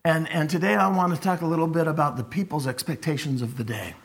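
A middle-aged man preaching in a conversational, animated way, often restarting his phrases as he tells stories. His voice sits a touch higher than most men's. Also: fast, gravelly, breathy edge. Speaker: pastor. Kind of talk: sermon.

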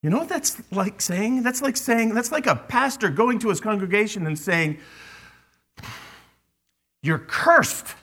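Guy preaching a sermon, high lively voice, bit husky, punches the quotes. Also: normal speed, few pauses. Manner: animated preaching with rising, emphatic quotes. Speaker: pastor.

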